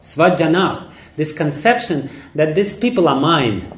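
A man's voice: a little high, expressive, a little slow, a little hiss or hum. A man giving an emphatic sermon on scripture, often laughing. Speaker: lecturer on scripture. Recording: echoey room.

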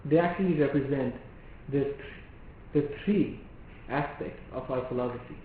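A man giving a devotional lecture in a measured, explanatory way, often asking rhetorical questions. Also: mid-range voice, a little hiss or hum. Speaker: preacher. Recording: echoey hall on a phone-like line.

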